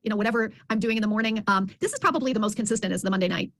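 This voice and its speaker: A woman on a video call, telling stories about her group program with lively, acted-out quotes. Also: mid-range voice, rapid-fire, no echo. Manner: animated storyteller who acts out others' voices. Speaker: program participant.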